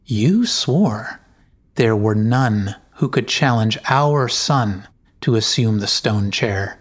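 Cunning young noblewoman, soft, slow, needling; a male narrator reads her. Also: fairly low pitch, animated. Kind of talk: storybook reading.

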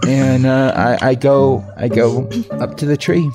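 A man's voice: mid-range voice, fairly even intonation, over music. A man playing in a tabletop game, describing his moves hesitantly with many fillers. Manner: hesitant, filler-heavy, unhurried. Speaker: player. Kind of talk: tabletop role-play.

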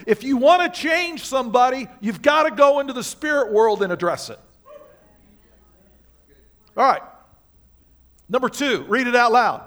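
High-voiced man preaching a sermon. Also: fairly bright tone. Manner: emphatic, questions the congregation directly. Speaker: pastor. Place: church sanctuary.

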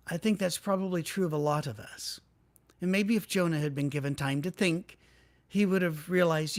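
A male pastor preaching in a relaxed, conversational way, acting out the people he quotes. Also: fairly high pitch, moderate pace. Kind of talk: sermon.

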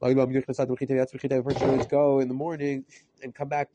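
A man giving a rapid Talmud lesson, reading through Aramaic text in a quick chant and translating it as he goes. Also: medium pitch, level tone, dull audio, noisy background. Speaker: Talmud teacher. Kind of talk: rapid daf yomi lesson.

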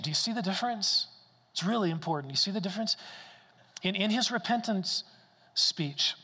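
Bright-voiced male preacher in a reverberant hall. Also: on the high side. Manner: emphatic, repeats key phrases for stress. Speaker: pastor. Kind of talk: sermon.

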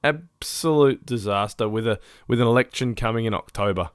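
A man's voice: medium pitch, fairly quick, smooth, dry recording, clean studio sound. Ranting, sweary man. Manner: ranty, sweary, laughs mid-sentence. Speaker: podcast co-host. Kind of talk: casual chat.

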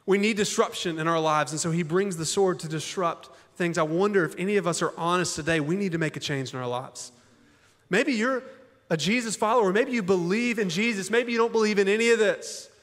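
A pastor with a high-pitched, fairly bright voice delivers a sermon a little fast. He speaks in a folksy, chatty way packed with rhetorical questions, and the church auditorium gives the recording a long reverb.

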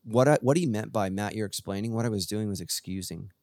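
A man co-hosting a podcast as a pastor, talking in a casual, animated way, joking at his own expense and restarting his sentences often. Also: on the low side, fairly quick, no echo, clean studio sound. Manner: animated, joking, self-deprecating with many restarts. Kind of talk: casual chat.

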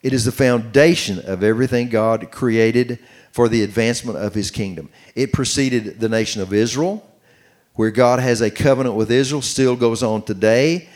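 A middle-aged man preaching on marriage, reading scripture slowly and commenting as he goes. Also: mid-range voice, a little mellow. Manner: earnest, reads scripture slowly with running commentary. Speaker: pastor teaching on marriage. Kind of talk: sermon-style Bible teaching.

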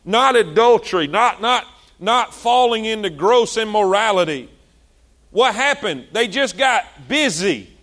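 A male pastor, preaching a sermon with passion, repeating himself and swinging between loud and soft. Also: high-pitched, lively intonation, a little slow.

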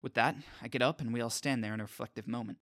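Earnest guy reading a first-person story, mid pitch, dry close mic. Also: fairly even intonation, fast talker, fairly bright tone, dry recording. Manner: earnest, self-conscious inner monologue. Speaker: narrator. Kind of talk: scripted first-person narration.

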